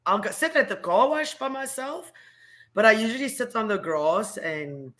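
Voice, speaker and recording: Giggly co-host, english isn't their first language, bright sharp voice, playful. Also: medium pitch, expressive, moderate pace. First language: not English. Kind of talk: casual chat.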